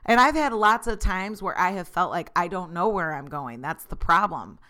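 A woman's voice: on the low side, animated, moderate pace, pushed and bright. A woman hosting her own podcast, talking earnestly and encouragingly to listeners in a motivational solo talk. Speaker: podcast host.

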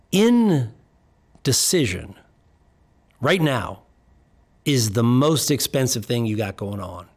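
A man in his fifties hosting a motivational podcast, emphatic and preachy, slowing down to stress key words and acting out his talks with clients. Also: mid-range voice. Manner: acts out dialogue with clients. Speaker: podcast host and practice coach.

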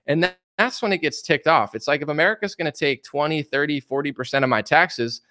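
A man's voice: a little high, brisk, pushed and bright. An American man in casual commentary, rambling and repeating himself, reading viewer comments. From United States. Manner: rambling, repeats words, many likes and you-knows. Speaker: commentator reacting to news.

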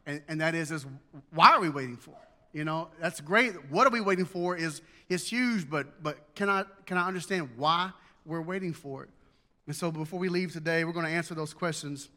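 A man in his forties, preaching with folksy humor and building emphasis. His voice sits high and sounds bright and forceful. The sound rings with the long reverb of a hall. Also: a little fast. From Southern United States. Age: 40s. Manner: folksy storytelling with jokes, rising to emphatic preaching. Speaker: pastor. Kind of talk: sermon.

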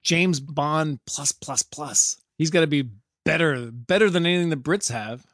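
A man's voice: a little high, a little slow, a bit bright, no echo, studio quality. A man co-hosting a casual movie review chat, wry and joking, teasing his co-host. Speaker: podcast co-host.

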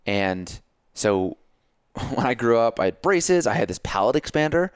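A man hosting a casual podcast chat, coaching and telling stories in an animated way, acting out his own self-talk. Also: medium pitch, measured pace, smooth, no echo, clean studio sound. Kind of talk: casual conversation.

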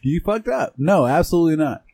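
A man's voice: a little high, animated, brisk, vocal fry, warm tone, no echo. A man in a casual podcast chat, brash and crude, laughing through his own jokes.

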